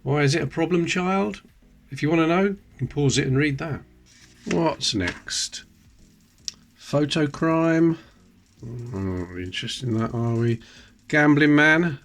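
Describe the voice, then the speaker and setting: A man with a mid-range, fairly bright voice hosts his coin-collecting channel, flipping through an old magazine. It's casual show-and-tell commentary full of chatty, wry asides.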